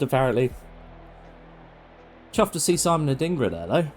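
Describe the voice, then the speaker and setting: A man's voice: mid-range voice, expressive, fairly quick, faint music behind. A man doing casual, sweary live-stream commentary on a football management game. He talks to the players on screen and goes off on rants.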